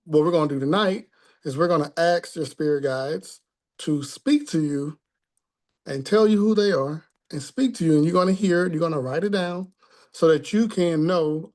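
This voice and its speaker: A man's voice: fairly high pitch, moderate pace, a little mellow. A man teaching a spiritual class in a conversational tone, often checking in with the listeners.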